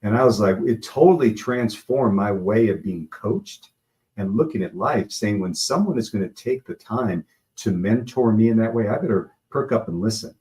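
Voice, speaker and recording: A man with a fairly low voice speaks as a guest, sharing personal stories in an earnest, motivational way. He grows animated as he tells his anecdotes and lands each one on a lesson. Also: moderate pace, rough recording. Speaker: guest, martial arts instructor and speaker. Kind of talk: motivational storytelling.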